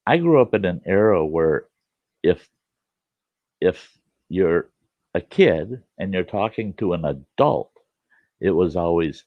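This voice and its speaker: Lively folksy older man telling a story. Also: low voice, slow pace, long pauses, no echo. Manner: folksy, animated, conversational. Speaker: storyteller host. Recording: dull lo-fi dry recording.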